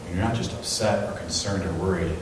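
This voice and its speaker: A man preaching a sermon in a church, talking in a conversational, animated way and acting out the people in his stories. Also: deep voice, fairly quick, distant mic, noisy background. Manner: conversational, animated storytelling with quoted voices. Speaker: pastor. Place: church sanctuary. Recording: very echoey hall, voice from off-mic.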